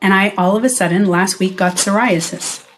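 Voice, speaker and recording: Faint music plays behind a middle-aged woman vlogging casually straight to camera, her medium-pitched voice moving at normal speed. She formerly ran a spa, speaks bluntly with plenty of swearing, and mimics the people she quotes.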